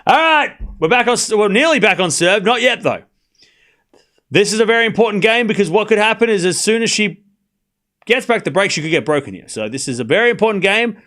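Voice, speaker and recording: This streamer provides live tennis commentary in a high, bright voice, announcing the score and chatting with viewers at a slightly fast pace. His pitch moves around a lot, and he gets loud and excitable when big points come.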